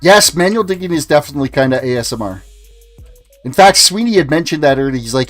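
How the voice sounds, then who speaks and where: A man's voice: on the high side, animated, quick pace, fairly bright tone. A man in his forties from Canada, chatting casually through his gameplay livestream and answering his chat as he plays. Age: 40s. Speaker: gaming livestreamer. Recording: faint music behind.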